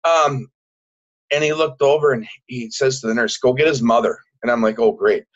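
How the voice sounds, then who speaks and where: Halting man telling his story, lo-fi. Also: medium pitch, fairly bright tone. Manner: halting, repeats words, acts out quotes. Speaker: podcast guest. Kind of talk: casual storytelling in an interview. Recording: dull lo-fi recording.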